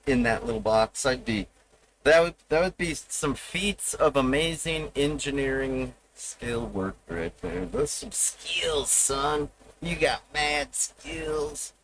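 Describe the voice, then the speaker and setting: Give me a slow-talking man with a gravelly voice, rambling and swearing on a live stream. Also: mid-range voice, animated, a little hiss or hum, rough recording. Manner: rambling, profane, teasing the viewers. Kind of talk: casual live stream chat.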